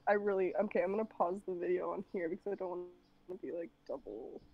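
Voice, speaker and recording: A woman chatting casually as a guest on a livestream, giggly and rambling, and a bit hoarse from losing her voice. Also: on the low side, quick pace, no room sound, lo-fi sound. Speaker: guest streamer. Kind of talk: casual chat while livestreaming.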